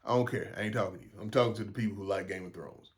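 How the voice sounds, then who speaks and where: Talking very fast in a low-ish voice, a young Southern-accented podcast host from South Carolina delivers a casual solo monologue. He rambles, swears freely, speaks bluntly, and keeps repeating and restarting words.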